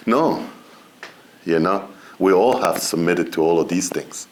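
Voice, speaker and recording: Low-voiced man giving a relaxed talk. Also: moderate pace. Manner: relaxed and conversational, often says "you know" and laughs. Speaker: guest speaker at a seminar. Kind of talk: informal spiritual talk.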